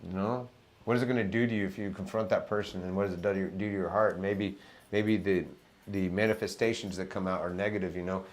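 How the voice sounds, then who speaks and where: A middle-aged musician in casual conversation, talking reflectively and telling animated stories. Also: male voice, low-pitched, quick pace. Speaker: musician guest.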